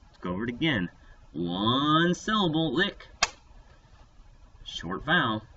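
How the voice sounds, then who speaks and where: In a playful, upbeat phonics lesson for young kids, a man speaks unhurriedly in a mid-range voice with big swings in pitch. The mic is distant, giving a dull, lo-fi sound with faint noise underneath.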